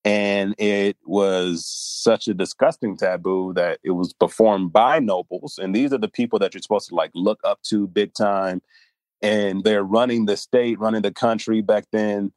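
A man's voice: fairly low pitch, steady tone, unhurried, a little mellow, no room sound. A man co-hosting a podcast in casual chat, easygoing, thinking aloud and laughing often. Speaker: podcast co-host.

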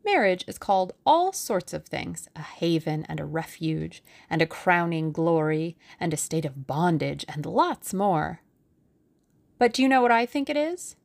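A woman's voice: on the low side, animated, unhurried, creaky. A woman voicing a playful young Englishwoman in an audiobook, with a lilting, coy delivery. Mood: dreamy. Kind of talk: audiobook character reading.

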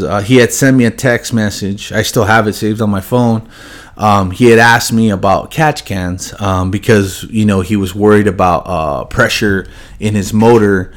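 A young man who runs a car shop, speaking haltingly and choked up as he remembers a friend, his voice heavy and subdued. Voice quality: halting, many fillers and restarts. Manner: subdued and heavy, voice dropping low when grieving. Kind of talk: emotional personal remembrance to viewers.

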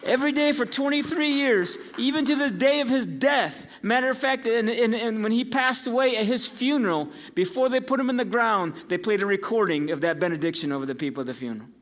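A man, preaching a sermon as pastor and telling stories that build to loud, emphatic peaks. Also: extremely high pitch, a little fast, hardly any pauses. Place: church sanctuary. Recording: long church hall reverb.

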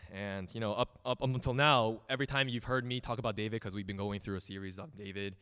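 Animated young man preaching in a hall. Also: lowish voice, fairly quick, clear, resonant tone. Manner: animated, laughs often, acts out quoted voices. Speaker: pastor. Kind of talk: casual sermon with personal stories. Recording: long hall reverb.

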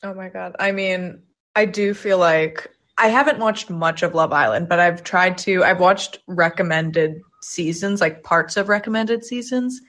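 A woman with a somewhat low voice talks casually on a podcast. She drops in quick agreement and then muses thoughtfully. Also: a bit bright. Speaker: podcast co-host or guest.

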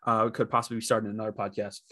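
A man's voice: fairly low pitch, flat delivery, rapid-fire, sharp tone. Rambling man hosting a betting podcast. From Midwest, the Dakotas. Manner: rambling, loose, many fillers and restarts. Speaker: podcast host. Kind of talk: casual solo podcast.

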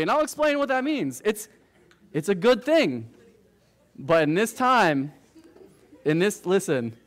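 A man's voice: high-pitched, very animated, slow, pauses often. A man teaching verse by verse through a book of the Bible to his congregation, talking casually and checking in with frequent asides to the room. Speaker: pastor. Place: church.

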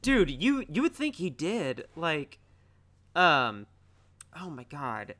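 A young man in excitable, casual podcast chat who often says "dude.". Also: fairly high pitch, slow pace.

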